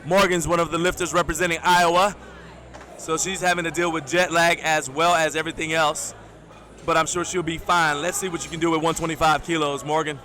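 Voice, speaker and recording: A man commentating live at a powerlifting competition, relaxed and explanatory, giving play-by-play and lifting tips. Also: a little high, fairly quick. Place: hotel event hall at a powerlifting meet.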